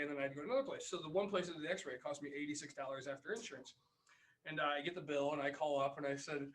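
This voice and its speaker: A man co-hosting a casual podcast, heated and excitable, swearing often as he argues. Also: fairly high pitch, low-quality recording. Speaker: podcast co-host. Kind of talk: casual argumentative chat.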